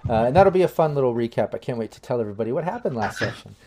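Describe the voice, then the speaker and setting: A man's voice: medium pitch, lively intonation, very fast, darkish tone. A man hosting a live tabletop game stream as game master, upbeat and rambling with lots of fillers. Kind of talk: casual livestream chat.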